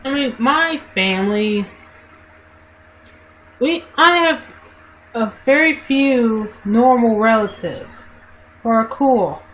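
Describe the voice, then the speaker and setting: A woman's voice: fairly high pitch, expressive, slow, pauses often, highs cut off. A woman vlogger talking casually to her livestream viewers into a webcam mic, rambling and often correcting herself. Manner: rambling, frequent self-corrections and restarts.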